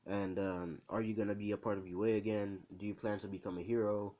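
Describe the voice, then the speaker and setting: A man's voice: fairly low pitch, little pitch movement, a little fast, warm tone, dull audio, lightly acted. A man voicing a female news reporter who asks pushy, insistent questions.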